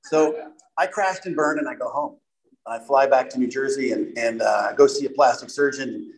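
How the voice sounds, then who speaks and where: A middle-aged man speaks candidly to a live audience about his own past. His talk rambles, full of asides and restarts, at a medium pitch for a man. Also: moderate pace, vocal fry, low-quality recording. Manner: candid, rambling, with frequent "you know" asides. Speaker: speaker sharing a recovery story. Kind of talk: personal testimony talk to an audience.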